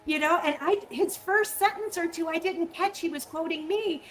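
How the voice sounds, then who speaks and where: A woman hosting a casual interview, chatty and excitable. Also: very high-pitched, normal speed, slight background noise, low-quality recording. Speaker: host.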